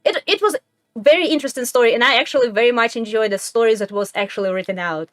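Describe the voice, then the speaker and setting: Woman gamer, high voice, emotional, exclaiming commentary; cast a bright, reactive streamer. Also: fast, no room sound, faint music behind. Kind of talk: game commentary.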